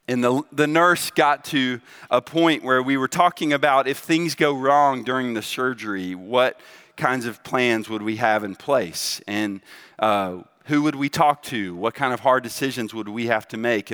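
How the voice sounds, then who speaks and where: A middle-aged pastor preaches conversationally, questioning the congregation and often tacking on "right?". His medium-pitched voice is smooth and a bit bright, at a moderate pace.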